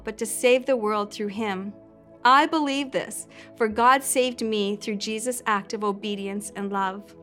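A woman sharing a personal faith testimony at church, sincere and steady, reading scripture aloud. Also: fairly high pitch. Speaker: church member giving a testimony. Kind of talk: read testimony.

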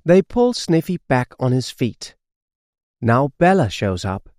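Slow, expressive storybook narrator, a man. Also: mid-range voice, dry recording, studio quality. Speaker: audiobook narrator.

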